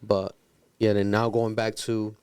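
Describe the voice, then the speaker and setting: Man with a flat, smooth, dry voice. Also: on the low side, measured pace, dry recording. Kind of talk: casual podcast chat.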